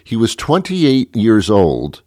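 A middle-aged man with a very low, deep voice rambles through a comic monologue. He puts on mock outrage and chuckles at his own asides. The sound is dry and close, with no room around him. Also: wildly swooping pitch, slow, dark tone, no echo. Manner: mock-indignant, chuckling, meandering. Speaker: podcast host.

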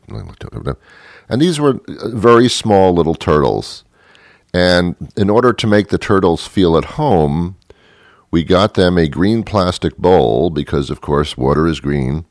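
A man's voice: extremely low pitch, no room sound, clean studio sound. A middle-aged man hosting a show, telling a rambling comic monologue full of self-deprecating, apologetic asides. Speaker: show host.

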